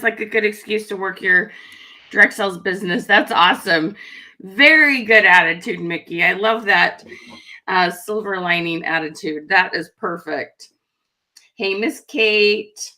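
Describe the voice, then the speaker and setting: Bright-voiced woman hosting a livestream. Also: mid-range voice, measured pace. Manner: friendly, chatty, reacting warmly to viewer comments. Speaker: livestream host. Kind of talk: live stream greeting chat viewers.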